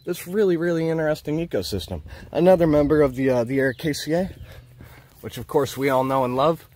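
A man's voice: on the high side, darkish tone. A man filming a walking plant tour outdoors in a peat bog on his handheld camera. He talks in an enthusiastic, rambling way and marvels aloud at the plants. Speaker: nature vlogger.

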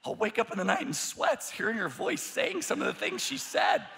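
A male pastor preaching a sermon, telling a story in an animated way, often restarting his sentences. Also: sits high, normal speed, vocal fry, a little hiss or hum.

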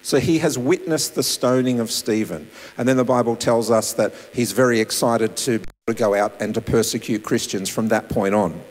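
A man preaching a sermon as pastor, animated, with loud emphasis and soft asides. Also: mid-range voice, brisk, hardly any pauses. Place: church hall. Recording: reverberant church hall.

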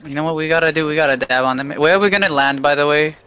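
A young man playing a video game with a friend, chatting casually with deadpan, mumbled jokes. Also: on the high side, very fast, clear, resonant tone. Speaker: guest gamer. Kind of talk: casual gaming chat.

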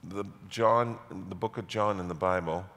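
A middle-aged man preaching a sermon as pastor, telling a story with animated, self-mocking humor. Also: sits low, a little slow. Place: large church hall. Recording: church hall reverb.

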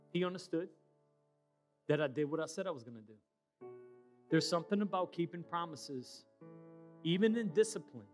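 Loud, emphatic male preacher. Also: a little high, lively intonation, moderate pace, pauses often, soft background music. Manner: loud and emphatic, swings to quiet asides. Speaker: pastor. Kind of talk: sermon.

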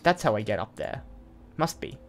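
A man's voice: fairly low pitch, very animated, normal speed, creaky, faint music behind. Chatty man narrating his gameplay. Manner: chatty, thinks aloud with asides. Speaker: let's play host. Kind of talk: casual game commentary.

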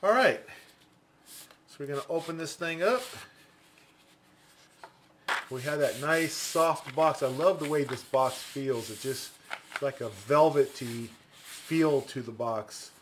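Slow-talking enthusiastic man unboxing. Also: medium pitch, slight background noise. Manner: enthusiastic, chatty, thinking aloud. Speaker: pencil reviewer. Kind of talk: casual unboxing commentary.

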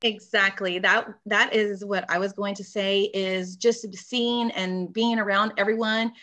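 A woman with a hoarse voice speaking heartfelt and emotional in a casual video call chat. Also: mid-range voice, little pitch movement, unhurried, sharp tone. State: hoarse, losing her voice. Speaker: sales consultant on a panel.

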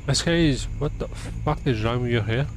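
A man's voice: medium pitch, moderate pace, slight background noise. A young man giving profane, exasperated commentary while playing a video game. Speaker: gaming channel host. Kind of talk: let's play commentary.

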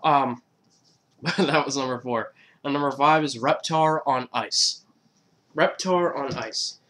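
A man's voice: mid-range voice, takes it slowly, fairly bright tone. A man in his twenties talking casually in a countdown vlog, loose and joking, with swearing and laughs at himself. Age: 20s. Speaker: YouTuber.

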